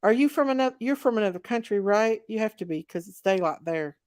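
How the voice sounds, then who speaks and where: A woman's voice: medium pitch, expressive, brisk, darkish tone, clean tone, no room sound. Woman, Southern US accent, livestream host, casual chat, dry close mic. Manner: chatty, drawling, reads viewer comments aloud.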